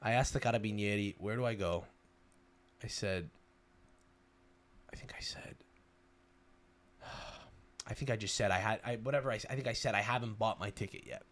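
A young man from Canada, hosting a podcast, telling a story fast and loose with swearing and restarts. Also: fairly low pitch, fairly bright tone, a little hiss or hum. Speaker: podcast host. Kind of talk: casual chat.

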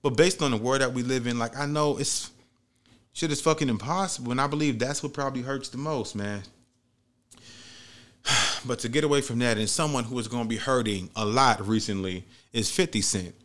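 A man's voice: medium pitch, fairly quick, fairly bright tone. A man hosting a comedic commentary vlog, ranting with heavy profanity and mock outrage. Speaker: commentary host.

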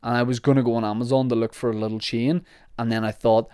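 A man's voice: medium pitch, little pitch movement, quick pace, dark tone, smooth, no echo. Young Northern Irish man, casual podcast host, sarcastic and rambling, dry close mic. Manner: chatty, sarcastic, rambling with self-mocking asides. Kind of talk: casual podcast chat answering listener questions.

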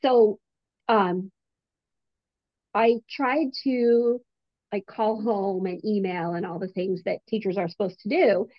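A woman's voice: medium pitch, steady tone, takes it slowly, long pauses, no echo. Conversational woman guest, lo-fi audio. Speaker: guest, teacher. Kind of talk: casual interview storytelling. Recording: dull lo-fi remote audio.

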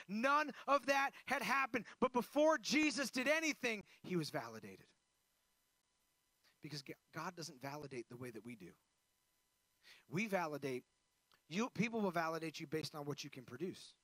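Male pastor, sermon, high voice, dry close sound, loud then hushed delivery. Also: dry recording. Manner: preaching with swings from loud emphasis to hushed intensity.

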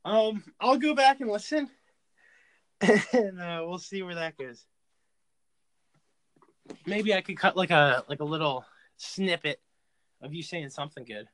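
A man's voice: sits high, lively intonation, unhurried, pauses often, a bit bright. A young man hosting a podcast in loose, casual chat, swearing freely. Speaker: podcast host.

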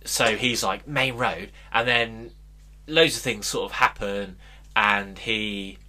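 Male podcast co-host, bright voice, rambling storyteller in casual chat. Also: fairly low pitch, steady tone, slow pace. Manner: rambling storyteller, acts out quotes.

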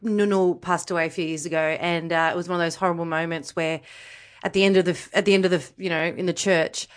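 A woman's voice: fairly low pitch, fairly even intonation. A woman co-hosting a podcast in a casual chat, frank and supportive, with the odd curse word. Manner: frank, supportive, quick agreement, some swearing. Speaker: podcast co-host.

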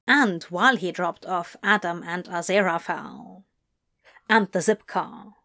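A woman reading a story aloud as narrator, wry and measured. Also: medium pitch, a bit bright.

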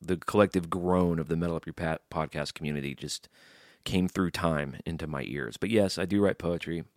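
A man with a very low, deep voice hosts his podcast alone, talking in a loose, rambling way, cracking jokes and swearing freely. He is drinking beer as he goes, and the sound is dry and close, with no room around it. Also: fairly quick, no echo. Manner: rambling, joking, swears casually. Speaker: podcast host. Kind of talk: casual solo podcast chat.

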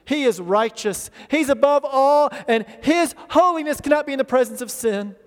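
A man preaching a sermon, his voice pitched unusually high for a man. He speaks earnestly and slips into the voices he quotes, repeating words as he pushes a point. The sound rings with the long reverb of a large hall. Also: lively intonation, normal speed. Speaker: pastor.

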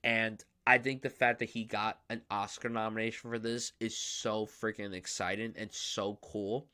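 With a lowish, sharp voice and a level tone, a young man hosts a podcast and chats casually about films at a moderate pace. He sounds enthusiastic and emphatic.

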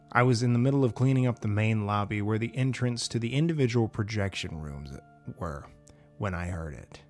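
A man narrating a first-person horror story in a measured, dramatic way. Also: fairly low pitch. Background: faint background music.

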